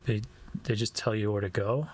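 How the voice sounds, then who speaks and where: A man voicing a calm male chaplain who asks gentle, measured questions in a tabletop game. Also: fairly low pitch, lightly acted. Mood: probing.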